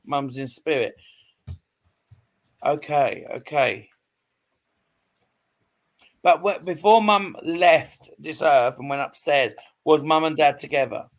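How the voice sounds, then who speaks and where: A man's voice: a little high, slow pace, pauses often. A man giving a live psychic reading, hesitant and repetitive, often checking in with "okay?". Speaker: psychic medium.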